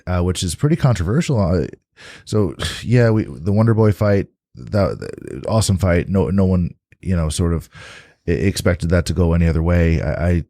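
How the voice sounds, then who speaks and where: A man with a very low, mellow voice hosts a relaxed podcast chat. He rambles a little, trips over and repeats his words, and sounds close and dry in the studio. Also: no room sound. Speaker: podcast host. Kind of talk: casual chat.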